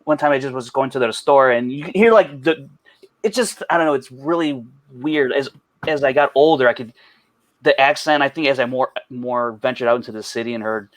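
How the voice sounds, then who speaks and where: A man's voice: medium pitch, fairly quick, no room sound. A man from Chicago with a mild Chicago accent, chatting as a podcast guest and telling rambling stories full of restarts. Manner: rambling storyteller with many restarts. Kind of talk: casual chat.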